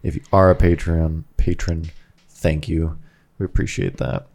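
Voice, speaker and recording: A man's voice: rumbling low, a little slow, vocal fry, a little mellow. A man co-hosting a podcast in front of a live audience, in easygoing casual chat, laughing often and padding his talk with fillers. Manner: laid-back, laughs often, trails off with fillers. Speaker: podcast co-host.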